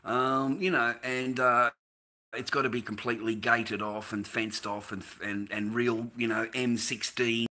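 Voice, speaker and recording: A man's voice: mid-range voice, flat delivery, unhurried, pushed and bright. A man delivering a heated, profane, repetitive rant in a monologue. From Australia. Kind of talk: ranting monologue.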